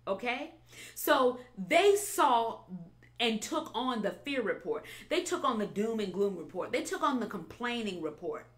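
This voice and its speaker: A woman pastor preaching a sermon with animated delivery, repeating phrases and building to emphatic peaks. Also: on the high side.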